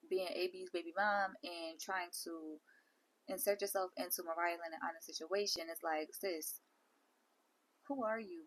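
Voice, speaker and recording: A woman hosting a reality show recap, talking in a sassy, blunt way full of slang. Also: on the low side. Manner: sassy and blunt, heavy on slang like "girl" and "sis". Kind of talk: casual recap commentary.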